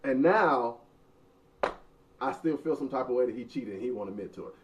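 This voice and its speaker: A man's voice: mid-range voice, expressive, moderate pace, pauses often, distant mic, noisy background. A man in his thirties, the host, telling a funny story in a joking, mock-dramatic way. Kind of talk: casual storytelling. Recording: muffled sound from off mic.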